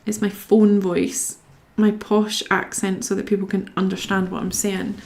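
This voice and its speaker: A woman's voice: mid-range voice, level tone, moderate pace, vocal fry, darkish tone, slight background noise. A young woman from Scotland chatting casually to her live-stream viewers while she colours, reading out their comments and talking to herself as she works.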